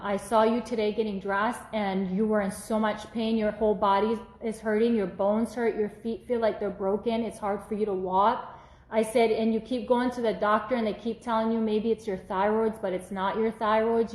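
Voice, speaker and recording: A woman minister telling a personal testimony in an animated, casual way, acting out the voices she quotes. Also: a little high, roomy sound, low-quality recording.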